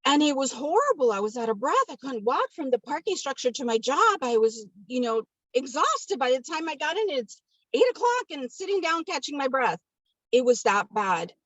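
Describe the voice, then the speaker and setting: A woman's voice: high voice, big pitch swings, normal speed, no echo. Chatty woman in her fifties on a call. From California. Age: 50s. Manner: chatty and emotional, with many ums. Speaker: guest sharing a testimonial. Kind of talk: casual personal testimonial on a video call. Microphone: video call. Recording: dull video call audio.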